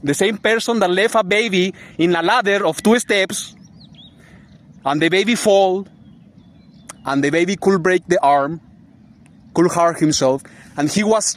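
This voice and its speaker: A man's voice: sits high, a little slow, pauses often. A man giving a rambling, agitated vlog monologue, swearing and laughing bitterly as he rants. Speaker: vlogger.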